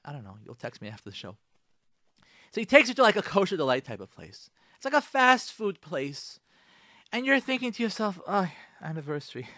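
A man's voice: fairly high pitch, a bit bright, no room sound, clean studio sound. A man telling a comic story in the second person and acting out the lines of the people in it. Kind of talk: storytelling comedy bit. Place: radio studio.

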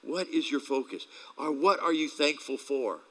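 A man's voice: on the high side, expressive, normal speed, sharp tone, low-quality recording. A male pastor preaching a casual sermon, telling stories with acted quotes and laughing along as he talks.

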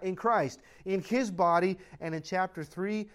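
A pastor delivers his sermon in a high male voice, pressing each point with rhetorical questions. His preaching is emphatic and unbending, driving home what he holds as fixed truth. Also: unhurried, hardly any pauses.

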